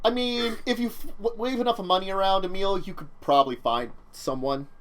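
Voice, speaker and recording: A man's voice: high-pitched, brisk, a bit bright, a little hiss or hum. A man narrating a tabletop role-playing game as game master, rambling along with many fillers and restarts.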